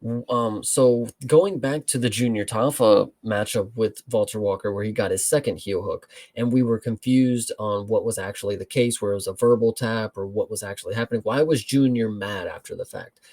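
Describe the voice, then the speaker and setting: A man's voice: lowish voice, normal speed, hardly any pauses, darkish tone. A man co-hosting a show, breaking down fights in casual, blunt chat and swearing freely. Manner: blunt, swears freely, calls listener bro. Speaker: podcast co-host.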